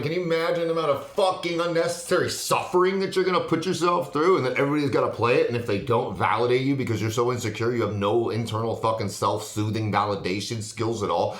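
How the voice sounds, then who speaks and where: A man's voice: mid-range voice, fairly bright tone. A man talking bluntly in a casual monologue, swearing constantly as he rants. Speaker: host. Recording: echoey room.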